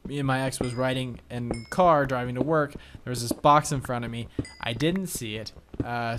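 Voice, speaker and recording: This let's play commentator, a young man with a mid-range voice, keeps up casual gameplay commentary full of fillers and meandering stories. Background noise and clicking sounds can be heard in his home recording.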